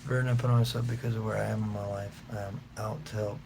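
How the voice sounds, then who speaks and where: A man's voice: lowish voice, little pitch movement, fast talker, gravelly, darkish tone, a little hiss or hum. A man hosting a casual livestream, reading out viewers' comments and answering in a loose, joking, slangy way with frequent laughs. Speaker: livestream host reading chat.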